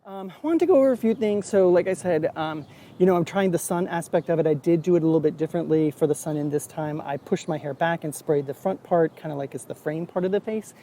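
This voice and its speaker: A man's voice: fairly high pitch, fast talker, dark tone, a little hiss or hum. A man in his forties chatting casually in a vlog, reviewing a hair product in a rambling, self-deprecating way. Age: 40s.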